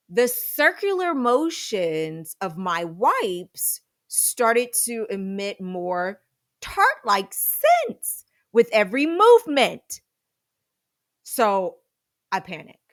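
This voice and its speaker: A woman in her thirties tells a comedic personal story at an unhurried, drawn-out pace. Her delivery is dramatic and animated, jumping into sudden loud bursts for emphasis. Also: mid-range voice. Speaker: podcast storyteller.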